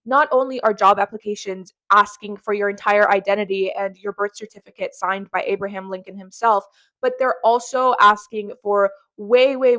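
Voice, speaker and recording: A woman hosts a reaction commentary, speaking angrily and swearing often. Her voice sits at an ordinary middle pitch for a woman. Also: fairly bright tone. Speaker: commentary host.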